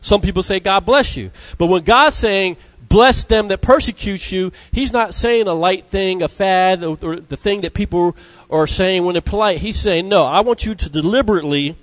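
A man preaching a sermon, emphatic, repeating key words and reading scripture slowly. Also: no room sound, low-quality recording. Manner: emphatic, repeats words, rises in pitch for stress; reads scripture slowly in old-fashioned wording.

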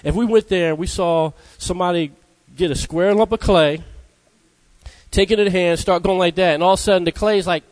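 Speaking a little fast in a high-pitched voice, this man delivers a sermon in a conversational way, repeatedly asking his listeners "Amen?"

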